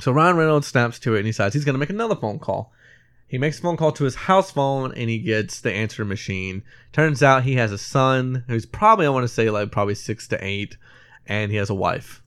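Animated swearing man retelling a movie. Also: medium pitch, brisk, clean tone. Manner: animated, swears freely, acts out quoted lines. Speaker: podcast co-host reviewing a film. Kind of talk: casual chat, retelling a film's plot.

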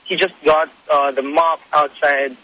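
A young man calling in to a radio show, telling a story in a hesitant, halting way. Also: fairly high pitch, little pitch movement, sharp tone. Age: young adult. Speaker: caller. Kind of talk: phone-in story. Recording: dull lo-fi call audio.

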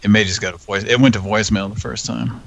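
Low-voiced joking man hosting prank calls. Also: steady tone, fast talker, vocal fry, fairly bright tone, no room sound. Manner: joking, self-mocking. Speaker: prank call show host. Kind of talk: casual chat.

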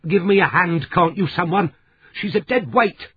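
A man voicing a blunt, foul-mouthed woman in an audiobook, speaking in coarse, shrill outbursts. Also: big pitch swings, unhurried, highs cut off, a little hiss or hum. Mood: urgent.

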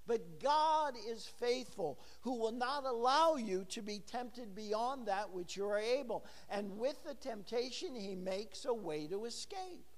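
A man's voice: very high-pitched, lively intonation, a little slow, hardly any pauses, big-room sound. A middle-aged man preaching a sermon in a church, talking with the congregation and asking them questions. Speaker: pastor.

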